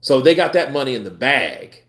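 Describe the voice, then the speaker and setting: A man hosting a live boxing stream, chatting casually with his viewers in a blunt, profane, animated way. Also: mid-range voice, normal speed. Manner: animated, profane, talks back to chat. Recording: roomy echo.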